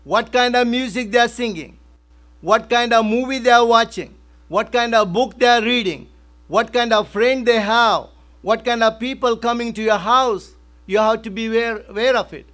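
A man's voice: very high voice, measured pace, a bit bright. A male pastor preaching a sermon in an emphatic way, repeating his key phrases.

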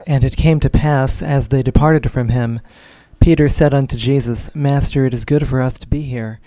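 Man, scripture reader, mellow dark tone, dry close sound, steady formal reading. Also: mid-range voice, moderate pace, no room sound. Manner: steady, formal reading of old-style verse.

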